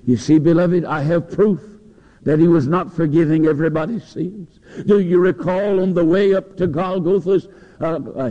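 A man preaching a sermon in a church, with passionate, rising and falling delivery. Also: sits high. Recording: dull lo-fi recording in a long-echo hall.

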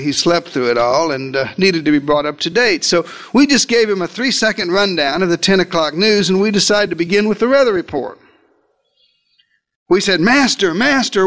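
A man's voice: high voice, a bit bright. A man preaching a sermon, retelling a scene dramatically in the first person with emphatic delivery.

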